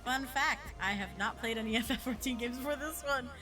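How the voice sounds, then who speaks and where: Excitable high-voiced woman streamer. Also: fairly quick, music in the background. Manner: excitable, loud outbursts, swearing and giggling. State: says she is high. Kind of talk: casual gameplay streaming.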